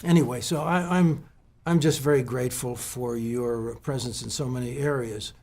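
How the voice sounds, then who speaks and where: A man from the West Coast of the US interviewing a guest at a golf club, speaking haltingly with many restarts and fillers. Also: medium pitch, fairly even intonation, a little mellow. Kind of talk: heartfelt conversational tribute.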